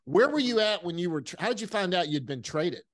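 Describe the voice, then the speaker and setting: Male podcast host; chatty and eager interviewer, a bit higher pitched. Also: big pitch swings, quick pace, a bit bright. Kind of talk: casual interview chat.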